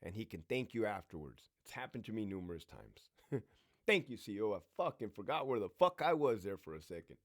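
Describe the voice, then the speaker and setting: A man's voice: lowish voice, very animated, a little fast. A man, a former prison officer, talking in a blunt, profane and swaggering casual monologue. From California.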